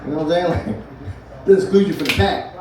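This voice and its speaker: On a comedy club stage, a stand-up in his forties does a loose, profane set, chatting with the crowd between bits in a slightly high voice that runs a little fast. The echoey, far-off recording carries background noise and audience laughter.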